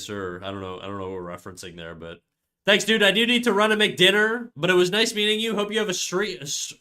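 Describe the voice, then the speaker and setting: A man's voice: high voice, pushed and bright. A young man streaming live, chatting casually with his viewers in a rambling, swearing way while stuffed up with a cold. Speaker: livestreamer. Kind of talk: casual livestream chat.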